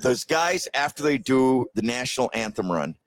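A man's voice: mid-range voice, expressive, normal speed, no echo. A man co-hosting a radio show, bantering in a playful, boastful, teasing way. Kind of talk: casual joking banter. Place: radio studio. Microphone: studio microphone.

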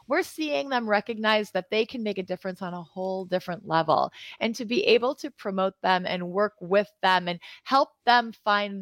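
A woman's voice: medium pitch, a bit bright, no echo. A middle-aged woman from Wisconsin, a political candidate chatting on a radio show, upbeat and proud. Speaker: guest, congressional candidate. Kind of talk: casual radio interview chat.

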